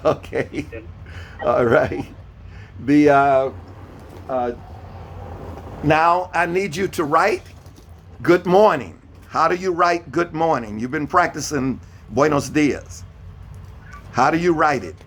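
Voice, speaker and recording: A man's voice: on the high side, slow, long pauses, fairly bright tone, a little hiss or hum. A man teaching a beginner Spanish lesson over a video call, patiently repeating each question and spelling words out letter by letter. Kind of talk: online beginner language lesson.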